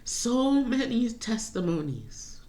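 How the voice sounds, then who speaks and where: A woman's voice: fairly high pitch, big pitch swings, takes it slowly, mellow. A woman talking in a personal vlog, rambling and confessional, laughing to keep from crying. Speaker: vlogger.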